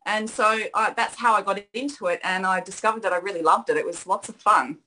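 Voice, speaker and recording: Bright Australian woman on a video call. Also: medium pitch, brisk, rough recording. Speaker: guest. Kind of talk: casual chat on a video call.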